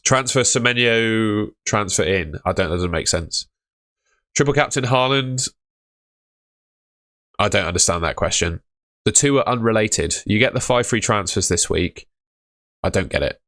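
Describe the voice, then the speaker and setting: Young male streamer, low voice, dry close sound, offhand and chatty. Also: normal speed, fairly bright tone, dry recording. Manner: offhand, matter-of-fact, calls viewers mate. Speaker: fantasy football livestream host. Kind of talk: casual livestream chat reading viewer questions.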